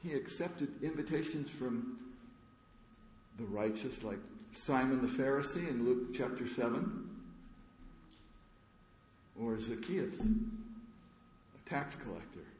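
A man's voice: mid-range voice, animated, takes it slowly, pauses often, a little mellow. A middle-aged man preaching a sermon in a conversational, folksy way, with humorous asides. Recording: echoey hall, faint background noise.

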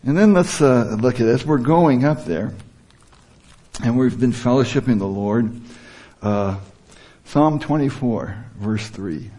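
A man's voice: mid-range voice, slow pace, long pauses, dark tone. A man giving an informal sermon, talking conversationally and stopping to rephrase as he quotes scripture. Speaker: preacher.

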